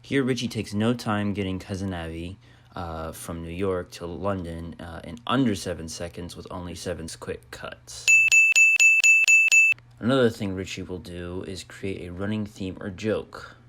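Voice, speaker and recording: Deep voiced young guy doing a film video essay, measured, lots of uh's. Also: fairly even intonation, noisy background. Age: young adult. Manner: measured, with uh fillers. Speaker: film student.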